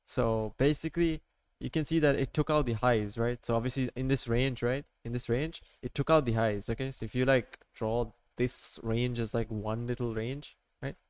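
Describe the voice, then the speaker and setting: An amateur trader walks viewers through his charts in a loose screen-share tutorial, rambling and sprinkling in "like," "okay?" and "right?" His mid-range voice is clear and resonant, with fairly even intonation and a normal speed, on a dry recording.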